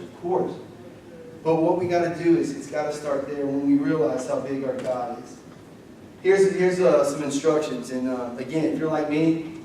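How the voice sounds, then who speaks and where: A young man preaching a casual, story-driven sermon in a church, quoting people in lively voices. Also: fairly high pitch, slight background noise. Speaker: pastor. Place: church sanctuary. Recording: echoey hall from far off.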